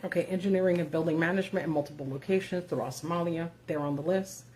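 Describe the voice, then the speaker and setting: She talks fast in a lowish, darkish voice, with a little background hiss or hum, while hosting a live video. Her live-stream commentary is loose and profane, full of fillers and sarcastic asides.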